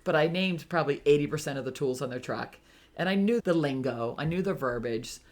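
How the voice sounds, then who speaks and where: A woman's voice: low-pitched, brisk. An older woman, a retired firefighter, telling travel stories in a casual interview and acting out the voices of people she met. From Hawaii, United States. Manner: animated, acts out quoted voices. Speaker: interview guest. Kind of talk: casual storytelling.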